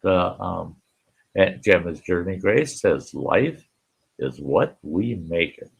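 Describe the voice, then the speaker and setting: A man's voice: sits low, animated, slow pace, gravelly, husky. An older man hosting a casual live stream, folksy, greeting chat viewers by name and often laughing, with an Upper Midwest American accent.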